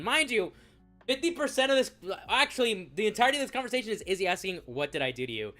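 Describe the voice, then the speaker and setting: A man's voice: high-pitched, sing-song, fast talker, sharp tone, soft background music. A man doing commentary, reading messages aloud in a mocking tone and swearing freely. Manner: profane, sarcastic, laughing often. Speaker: commentary YouTuber.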